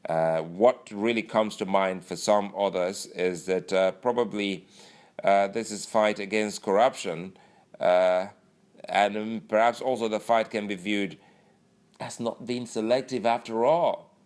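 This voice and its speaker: A man's voice: on the low side, fairly even intonation, a little slow, darkish tone. A man giving political commentary, musing along with many uhs and you knows.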